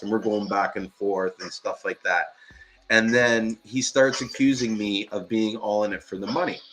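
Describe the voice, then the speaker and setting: A man in casual live-stream chat, telling a story in an animated, profane way and laughing often. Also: fairly low pitch.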